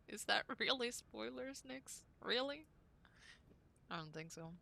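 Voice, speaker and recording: A woman's voice: a little high, vocal fry, sharp tone, a little hiss or hum. A woman streaming a game, chatting casually and teasing her viewers with a giggly manner.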